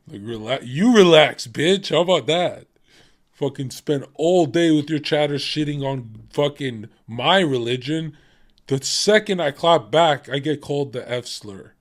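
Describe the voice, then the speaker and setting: A man's voice: on the high side, lively intonation, measured pace. A man livestreaming who rants at his chat, swearing freely, combative and laughing often. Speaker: streamer reacting to chat. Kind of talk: casual livestream rant.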